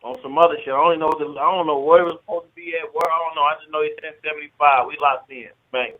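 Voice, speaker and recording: Man, battle rapper, high voice, profane streetwise storytelling, quoted phone calls, tinny phone-like audio. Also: steady tone, racing. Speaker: battle rapper in an interview clip. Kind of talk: animated storytelling in an interview.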